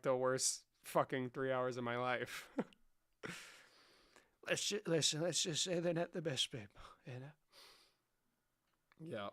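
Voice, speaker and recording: A young adult man with a fairly high, smooth voice and a sharp tone is streaming live. He chats casually with his chat, answering it in a profane, rambling, joking way.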